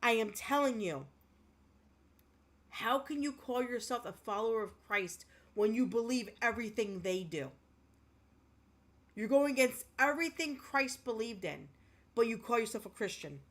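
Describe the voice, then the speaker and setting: Woman, livestreamer, casual chat with viewers, earnest, impassioned, emotional, near tears, repeats herself, slightly high pitch. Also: animated, measured pace, pauses often.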